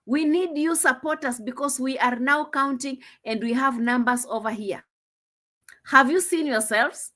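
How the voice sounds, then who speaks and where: Unhurried and sharp in tone, a woman with a high-sitting voice and a Swahili accent reacts to a video in a casual chat. The commentator is playful and teasing, circling back to the same phrases and laughing frequently.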